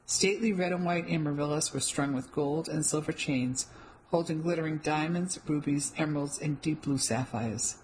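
A woman reading a first-person mystery novel aloud in an even, descriptive storytelling manner. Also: sits low, normal speed, a little hiss or hum, low-quality recording. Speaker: audiobook narrator.

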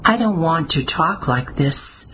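A woman's voice: deep voice, lively intonation, takes it slowly, bright, forceful tone, a little hiss or hum, exaggerated voice. Woman voicing an uneasy earnest man. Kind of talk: audiobook character voice.

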